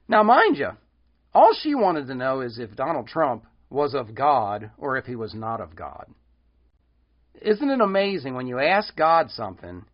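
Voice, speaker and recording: A man hosting a Christian video, commenting earnestly on a dream testimony and speaking straight to viewers. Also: on the high side. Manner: earnest, emphatic, addressing viewers directly. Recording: dull, lo-fi sound.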